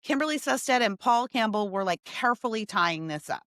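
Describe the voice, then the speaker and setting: A woman co-hosting a podcast in casual chat, telling stories in a lively way that gets loud and high when she is excited. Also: fairly quick, dry recording, studio quality. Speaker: podcast co-host.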